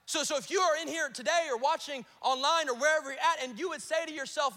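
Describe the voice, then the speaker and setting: Southern man preaching, very high voice, bright tone, emphatic and repetitive, long reverb of a big church hall. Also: quick pace, hardly any pauses. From South Carolina, US. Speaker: pastor. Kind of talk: sermon. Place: large church auditorium.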